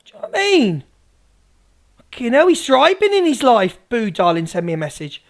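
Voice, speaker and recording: A combative woman ranting on her livestream, sarcastic and full of swearing. Her voice sits high for a woman and she jumps between cutting jabs and retorts. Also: big pitch swings, moderate pace. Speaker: live streamer. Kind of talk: livestream rant.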